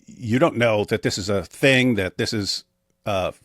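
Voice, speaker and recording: A man's voice: on the low side, unhurried, a bit bright, no room sound, clean studio sound. A man as an interview guest, telling a personal story in a matter-of-fact way with frequent restarts. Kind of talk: casual storytelling in conversation.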